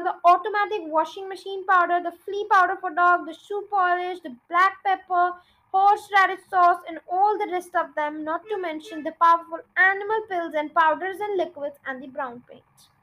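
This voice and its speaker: A woman reading a children's storybook aloud, expressive and slowing for suspense. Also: very high-pitched, poor audio. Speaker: podcast storyteller.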